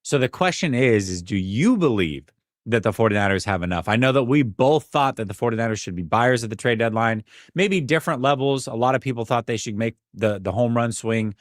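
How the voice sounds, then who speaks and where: A man's voice: mid-range voice, expressive, a little fast, no echo. A man with a polished radio-host delivery runs a sports talk show. His voice sits in a middle register and sounds close and dry, with little room around it. He keeps things upbeat and moving.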